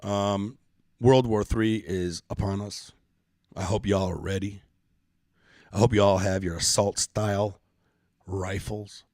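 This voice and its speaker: Middle-aged man, podcast host, low and dry, loose profane joking chat. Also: steady tone, slow, pauses often, a little mellow, no room sound. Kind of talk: casual live-stream podcast chat.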